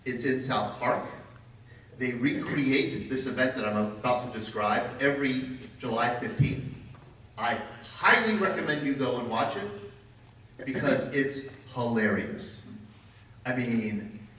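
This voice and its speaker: A man giving a public history lecture as a lively storyteller with wry humor. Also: medium pitch, a little hiss or hum. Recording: echoey hall from far off.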